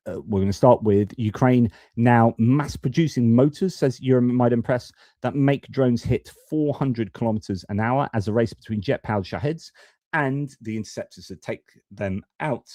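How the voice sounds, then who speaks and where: Blunt man in his forties, dark low voice. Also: no echo, clean studio sound. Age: 40s. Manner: blunt, conversational, casual swearing, many restarts and fillers. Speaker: host of a geopolitics live stream. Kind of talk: unscripted live stream commentary.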